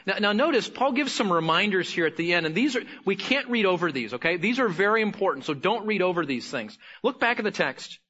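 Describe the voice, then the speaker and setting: A man preaching a sermon in a high, bright voice. He swings from quiet, conversational asides to loud, emphatic bursts. The recording sounds a little dull and lo-fi. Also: lively intonation, a little fast, few pauses. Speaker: pastor.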